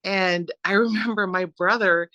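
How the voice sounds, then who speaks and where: A woman from Southern California, a podcast guest, telling stories in an animated, rambling way with many fillers. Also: mid-range voice, unhurried, no echo, muffled recording. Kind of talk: conversational storytelling.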